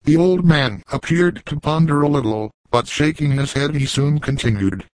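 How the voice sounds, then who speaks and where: A man reading a classic novel aloud, narrating in a steady, even way. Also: a little high, normal speed, hardly any pauses, no room sound, rough recording. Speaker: audiobook reader. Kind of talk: scripted narration.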